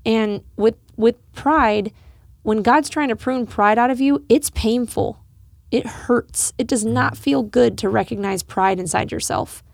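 A woman's voice: fairly high pitch, measured pace, vocal fry, no echo, clean studio sound. A woman co-hosting a casual Bible study chat, earnest and encouraging, laughing often. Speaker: podcast co-host discussing scripture.

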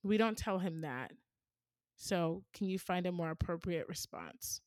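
A woman in her thirties hosts a podcast and talks through parenting advice in an earnest, storytelling way. Her voice sits a bit low, and the recording is dry and close with no room sound. She keeps it casual, with plenty of "like" and "right?" along the way. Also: animated, measured pace, darkish tone, no echo. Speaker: podcast host answering a listener question.

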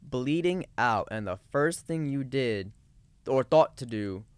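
A man's voice: medium pitch, expressive, takes it slowly, clear, resonant tone, dry recording. A man co-hosting a casual podcast discussion, talking in rambling runs full of fillers and restarts. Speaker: podcast co-host.

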